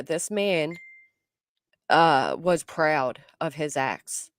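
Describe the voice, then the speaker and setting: A woman doing live-stream commentary, reacting with outrage and loud exclamations, then dropping to muttering. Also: low voice, expressive, very slow, dry recording, studio quality. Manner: outraged, exclaiming, swings between shouting and muttering.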